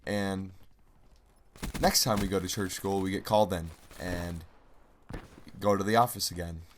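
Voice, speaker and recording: A man's voice: deep voice, steady tone, a little slow, slight background noise. A young man vlogging, telling a personal story in a rambling, exasperated way with lots of filler words. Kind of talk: casual storytelling.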